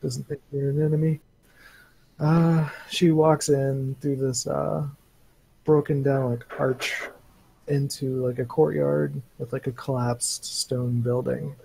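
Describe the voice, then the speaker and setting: A man narrating a tabletop game as game master, in a slow, halting way with many fillers. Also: mid-range voice, level tone, gravelly, dark tone, slight background noise, poor audio.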